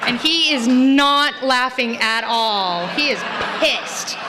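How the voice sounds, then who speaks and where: A middle-aged woman from Los Angeles telling her personal story to a live meeting, candid and self-mocking, acting out past scenes in high voices. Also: takes it slowly, a crowd in the background, background noise. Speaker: recovery meeting speaker. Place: meeting hall.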